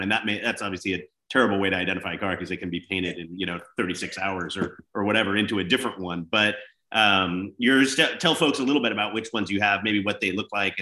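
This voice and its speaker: Casting note: a man, low bright voice, interviewer, hesitant questions, echoey room. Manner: halting questions with many fillers. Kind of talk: casual interview.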